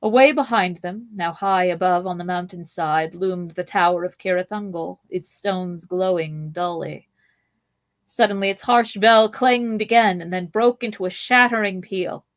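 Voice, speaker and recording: A woman hosting a podcast, reading a novel aloud in a measured, expressive way with playful asides. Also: on the low side, no echo.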